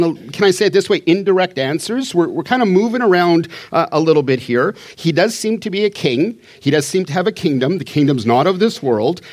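A man preaching a sermon, teaching a Bible passage in a conversational way and paraphrasing the dialogue as he goes. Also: high voice.

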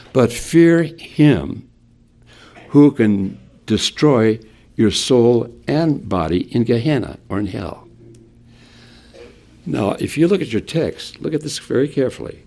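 A man's voice: mid-range voice, creaky, a little mellow, slightly rough. A man preaching an expository sermon, asking his listeners rhetorical questions as he works through a Bible passage.

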